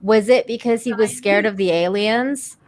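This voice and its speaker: A woman's voice: medium pitch, normal speed. A woman with a mid-range voice co-hosts a casual podcast panel. She speaks loosely and chattily, with frequent laughter. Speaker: podcast co-host.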